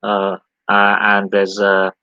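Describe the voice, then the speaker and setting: A man's voice: fairly low pitch, completely flat delivery, slow pace, clean tone, no echo, muffled recording. English man rambling on a podcast. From England. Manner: rambling, repeats himself, frequent ums and restarts. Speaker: podcast host. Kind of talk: solo live podcast talk.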